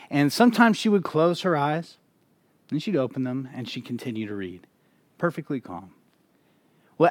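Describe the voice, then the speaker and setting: A male pastor delivering a sermon in a fairly high voice, pressing his points with emphasis and often restarting phrases. The sound is dry and close, with no room echo.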